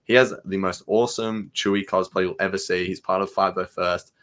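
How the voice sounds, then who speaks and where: A man's voice: deep voice, steady tone, a little fast, fairly bright tone. A man co-hosting a fan podcast, chatting casually and enthusiastically with many fillers. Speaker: podcast co-host.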